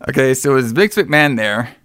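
A man's voice: mid-range voice, lively intonation, a little fast, fairly bright tone, no echo, clean studio sound. A man hosting a podcast, retelling a show in a rambling, laughing, swearing chat. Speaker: podcast host.

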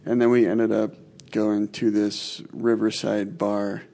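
A young man in easygoing podcast chat, adding details and finishing his co-host's sentences. His voice is dark and mellow, with a gravelly fry. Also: fairly low pitch, level tone, takes it slowly. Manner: laid-back, chiming in and finishing his partner's sentences. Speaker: podcast co-host. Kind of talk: casual chat.

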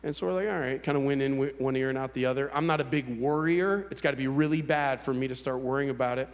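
Candid preacher man in a reverberant hall. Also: medium pitch. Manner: candid, conversational storytelling with halting restarts. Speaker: pastor. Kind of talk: personal testimony sermon.

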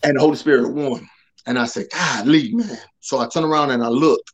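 A man who talks loud by nature, a podcast guest telling a personal testimony in casual slang and acting out the dialogue. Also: medium pitch, brisk, slightly rough, low-quality recording. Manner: loud, animated, acts out quoted dialogue.

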